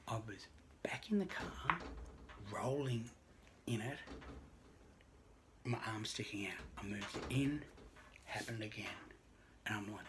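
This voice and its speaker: Man, lowish voice, earnest storyteller, halting and hushed at times, background noise. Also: animated. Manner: earnest, halting, drops into hushed near-whispers. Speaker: registered nurse. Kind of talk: personal story told to camera.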